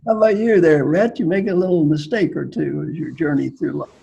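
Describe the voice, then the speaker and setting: A man's voice: a little high, a little fast, gravelly, warm tone, highs cut off, slight background noise. An older man from Kentucky, a coaching speaker on a panel, telling stories in a folksy, joking way and repeating phrases for emphasis. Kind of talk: casual storytelling on a video call panel.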